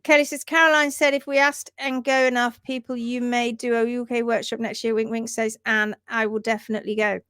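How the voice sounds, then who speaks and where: A woman's voice: a little high, a little fast, few pauses, smooth, dry recording, clean studio sound. A woman hosting a livestream about hoof trimming, talking in emphatic, indignant bursts and reading out viewer comments. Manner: animated, emphatic, indignant rants.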